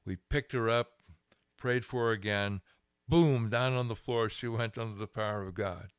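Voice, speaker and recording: An older man, a guest minister, telling a lively anecdote in an interview, chuckling and restarting his phrases. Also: medium pitch, moderate pace, clean tone, no room sound, studio quality. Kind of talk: storytelling interview.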